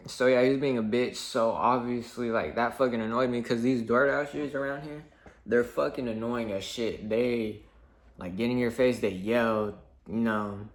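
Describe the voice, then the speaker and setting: A man's voice: mid-range voice, fairly bright tone. A young man telling a story in a casual, rambling rant, swearing a lot and leaning on fillers like "like" and "basically". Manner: rambling, profane, full of fillers. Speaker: vlogger.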